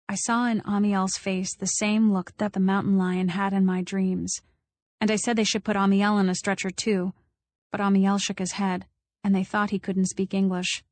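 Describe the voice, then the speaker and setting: Woman narrator for a novel audiobook, even and level delivery, dry close recording. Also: mid-range voice, dry recording. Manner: acts out quoted voices with small shifts. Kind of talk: scripted narration.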